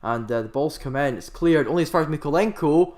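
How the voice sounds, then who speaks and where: A man giving amateur live football commentary in an excitable, rambling way, often correcting himself. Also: fairly high pitch, brisk. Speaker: host of a live football watchalong.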